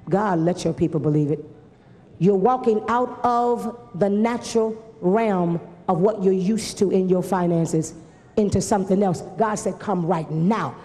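A woman's voice: mid-range voice, measured pace, warm tone. A woman preacher delivering a fervent sermon in a repetitive preaching cadence at a live camp meeting in a large church. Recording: reverberant church hall with faint noise.

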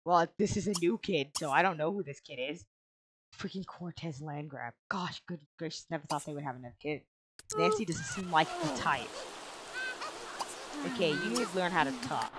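A woman's voice: low-pitched, animated, moderate pace, very noisy. A young woman giving casual commentary as she plays a life-simulation game, often exasperated and talking back to it. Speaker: gaming video creator.

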